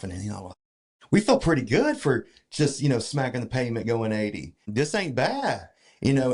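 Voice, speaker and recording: A man telling a long story in a casual podcast chat, full of fillers and restarts. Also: on the low side. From Georgia, US. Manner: animated, filler-heavy retelling with many restarts. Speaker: podcast guest.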